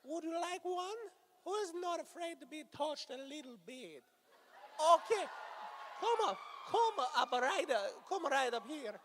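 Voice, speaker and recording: A man voicing a pushy male hand-puppet masseur as a comic bit, talking in a slow, drawn-out, sleazy sales pitch. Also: expressive, background noise, full character voice. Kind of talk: comic improvised puppet voice at a fan panel.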